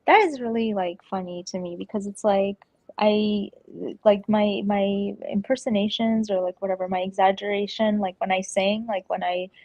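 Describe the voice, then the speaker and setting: A woman's voice: mid-range voice, fairly even intonation, moderate pace, darkish tone, no echo. Chatty woman with a dry close sound. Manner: rambling, heavy use of "like", laughs often; slips into playful impersonations. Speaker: stream guest. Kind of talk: casual chat.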